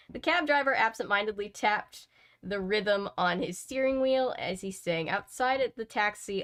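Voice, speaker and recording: A woman's voice: mid-range voice, fairly bright tone. A woman hosting a book channel, reading a novel aloud at home and breaking off for chatty, self-mocking asides. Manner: chatty, laughs at herself, digresses often. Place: home editing room.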